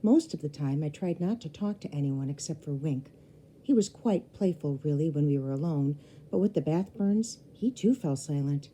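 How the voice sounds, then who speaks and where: Husky, dark-toned woman reading to children. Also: low voice, normal speed, low-quality recording. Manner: expressive, talks to young listeners. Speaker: storybook reader. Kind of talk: reading a children's novel aloud.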